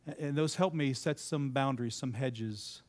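A man addresses a live audience at a moderate pace, his medium-pitched voice carrying a darkish tone. In a conversational, sermon-like way, he questions the listeners, repeats their responses, and breaks into sudden emphatic lifts.

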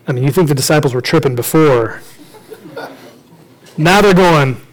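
A man preaching a storytelling sermon, lively and joking as he acts out the characters. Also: fairly high pitch, normal speed, pauses often, poor audio.

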